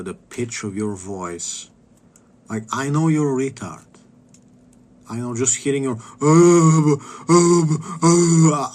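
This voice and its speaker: A man talks over his game stream in a loose, rambling rant full of swearing and scorn. His voice sits fairly low, and his sentences often sink into quiet mutters before he picks back up. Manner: profane, rambling, contemptuous. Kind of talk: casual rant while gaming.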